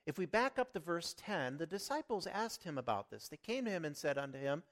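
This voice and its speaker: A man's voice: a little high, very animated, fairly quick. A middle-aged man preaching a sermon, earnest and emphatic, with sudden swells and drops in volume. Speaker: lay preacher.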